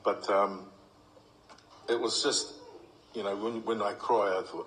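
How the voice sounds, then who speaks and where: A man's voice: fairly low pitch, fairly even intonation, a little slow, noisy background. A middle-aged man giving a heartfelt, humorous eulogy full of stories. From New Zealand. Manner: heartfelt, humorous storytelling with acted quotes. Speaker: eulogy speaker. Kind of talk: funeral eulogy.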